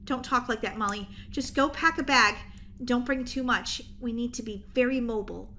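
A woman voicing a calm, practical middle-aged mother who speaks in a steady, lower, softer way. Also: normal speed, slight background noise.

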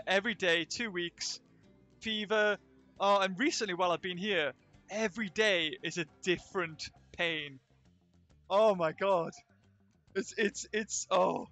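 A man's voice: sits high, sharp tone, dry recording. A young man streaming a game from a convention, rambling and joking with viewers. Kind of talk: casual live-stream chat. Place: convention venue.

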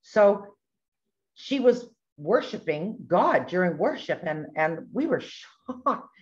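A middle-aged woman telling a testimony story in an animated way, acting out the voices of the people she quotes. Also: lowish voice, takes it slowly. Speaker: ministry speaker sharing testimony. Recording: dull lo-fi recording.

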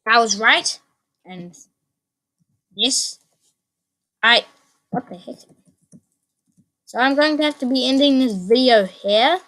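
Woman, let's play commentary, high voice, swooping, slow-paced, excitable, repetitive. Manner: excitable, repeats phrases, sudden yelps. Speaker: gaming channel host.

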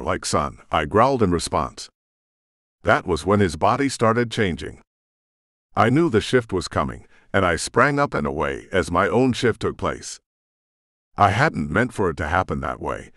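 A man's voice: low voice, a bit bright, no echo, clean studio sound. A man reading a first-person audiobook in a tense, dramatic storytelling manner. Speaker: audiobook narrator.

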